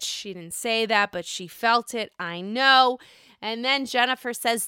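A woman recapping a reality TV episode in casual, profane, excitable chat from home. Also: on the high side, measured pace, smooth, no room sound, studio quality. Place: home, dogs upstairs.

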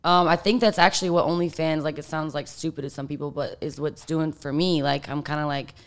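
This young adult woman, an interview guest, has a deep voice with fairly even intonation and a brisk pace. Her casual storytelling is candid and profane, stuffed with "like."

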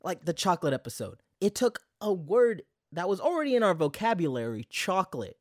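A man's voice: high voice, sing-song, brisk, darkish tone, no echo, studio quality. A young adult man talking casually and nostalgically to camera, full of asides. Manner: conversational, many fillers and asides. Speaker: vlogger.

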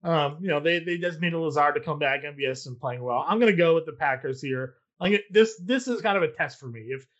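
A man's voice: fairly high pitch, fairly bright tone, dull audio. A man co-hosting a casual sports betting talk, reasoning through picks with many fillers. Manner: measured, filler-heavy reasoning. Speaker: sports betting podcast co-host.

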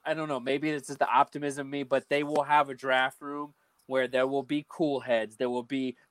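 A man's voice: mid-range voice, flat delivery, moderate pace, fairly bright tone, no room sound. Man musing aloud, dry sound. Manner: thinking aloud, many fillers. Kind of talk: casual sports chat.

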